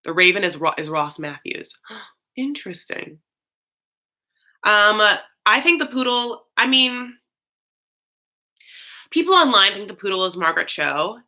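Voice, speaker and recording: Chatty woman with a bright voice. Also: big pitch swings, unhurried, long pauses. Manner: chatty, swoops high and low, frequent fillers; campy, calls listeners honey. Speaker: host. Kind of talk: casual chat.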